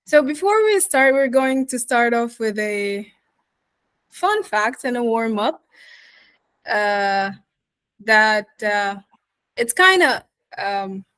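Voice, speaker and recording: Woman, accent coach, lecturing online, fairly high voice, dry close sound. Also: lively intonation, slow, long pauses, a bit bright, smooth, dry recording. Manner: explanatory, addresses students directly.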